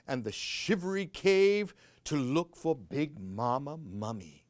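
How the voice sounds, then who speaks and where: A man reading a children's picture book aloud as a library storyteller, playing with sound words and dropping into hushed whispers. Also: fairly high pitch, big pitch swings, slow pace, few pauses, no echo, clean studio sound.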